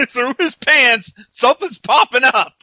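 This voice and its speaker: A man co-hosting a podcast, recapping a wrestling show in casual chat, sarcastic and quick to mock, laughing often and quoting the wrestlers in mock voices. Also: very high voice, expressive, bright, forceful tone, no echo, dull audio. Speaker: podcast co-host.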